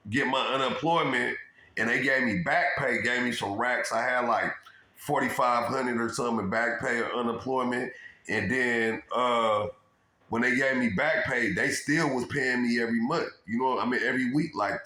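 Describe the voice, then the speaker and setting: A man's voice: mid-range voice, moderate pace. Rambling, profane man in an echoey room. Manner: profane, animated, repeats "you know what I'm saying". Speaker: vlogger telling his own story. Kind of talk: rambling casual monologue. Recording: roomy echo.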